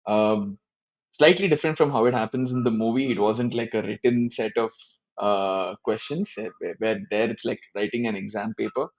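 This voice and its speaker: A man with a gravelly, creaky voice, co-hosting a casual podcast. He tells stories in an animated way, swearing casually and laughing along. The audio sounds dull and lo-fi. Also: fairly low pitch, normal speed, no room sound. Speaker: podcast co-host.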